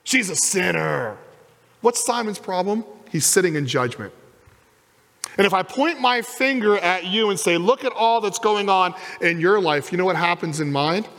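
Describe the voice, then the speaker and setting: The preacher here has a high-pitched voice and keeps a moderate pace, his words filling the big room of a church sanctuary. It's an animated sermon in which he voices the people he describes.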